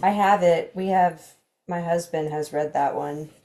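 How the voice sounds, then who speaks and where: A woman with a low, mellow voice hosts a casual book club conversation. She reads short passages aloud and then muses on them, trailing off and filling pauses as she thinks. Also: steady tone. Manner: thoughtful, trails off mid-sentence with fillers. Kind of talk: casual group discussion, reading passages aloud.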